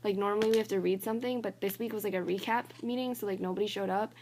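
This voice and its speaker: A young woman, a college student, vents to her phone camera in a casual vlog, rambling and stuffing nearly every phrase with "like." She sounds annoyed and exasperated, her mid-range voice steady in tone but racing and somewhat dark. There's a little background noise.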